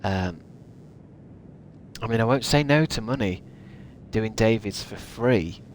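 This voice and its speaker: A man's voice: fairly low pitch, lively intonation, slow pace, slight background noise. A young man chatting casually while streaming a game, rambling, swearing and laughing at himself. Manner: rambling, sweary, self-mocking, laughs often. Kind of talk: casual live-stream commentary while gaming.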